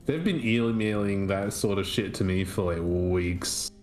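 A man's voice: lowish voice, measured pace, darkish tone, faint music behind. Dry, wry guy. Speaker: podcast co-host. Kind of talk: casual chat.

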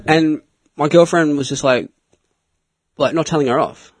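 A man's voice: on the high side, unhurried, dry recording. A man in his thirties telling a rambling story in casual podcast chat. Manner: rambling, filler-heavy storytelling. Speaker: podcast co-host.

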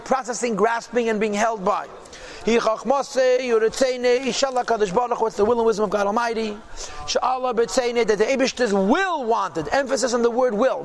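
A man teaching a Torah class, reading Hebrew and Aramaic phrases and translating them quickly into English, emphatic and repetitive. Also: very high voice. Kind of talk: Hasidic text class.

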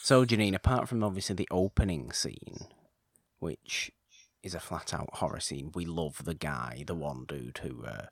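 Deep-voiced rambling male podcast host. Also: normal speed, vocal fry, no room sound, clean studio sound. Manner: enthusiastic, rambling, repeats words. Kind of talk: casual podcast chat.

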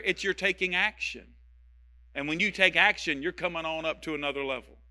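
A man's voice: a little high, a little fast, sharp tone. A male pastor preaching a sermon with passion and emphasis, repeating key phrases to drive them home.

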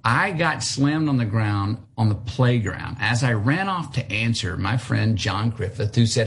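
A man in his fifties telling animated childhood stories as a guest, acting out the voices of people in them. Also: medium pitch, moderate pace, hardly any pauses. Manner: animated, acts out voices in anecdotes. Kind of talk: casual interview storytelling.

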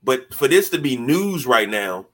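Animated, bright-voiced sports podcast man. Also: mid-range voice, a little slow. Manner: animated, mocking, repeats words when starting. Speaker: podcast host. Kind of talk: casual sports talk.

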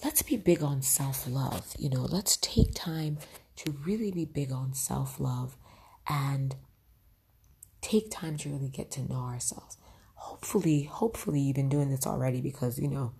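A podcast host speaks earnestly to her listeners, offering motivational advice about love and frequently checking in with "right?" Her bass voice moves at a moderate pace, mellow and breathy, with noticeable vocal fry.

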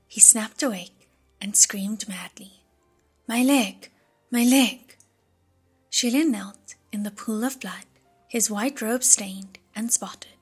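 A woman narrates an audiobook in a hushed reading voice. Her tone is very breathy and husky, and faint music runs underneath. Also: mid-range voice.

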